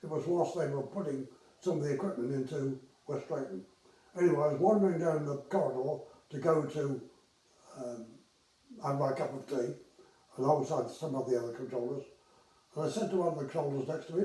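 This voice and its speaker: A man's voice: a little high, brisk, mellow, reverberant, recorded from a distance, low-quality recording. An older man casually telling stories from his career, chatty with hesitations and acted-out dialogue. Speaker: retired air traffic controller telling anecdotes. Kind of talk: casual storytelling.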